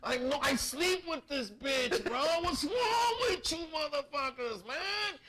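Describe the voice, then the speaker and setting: A man acting out his drunk, furious middle-aged father, shouting and cursing. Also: very high-pitched, animated, slow pace, a crowd in the background, pitched above the performer's own voice, exaggerated voice. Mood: ranting.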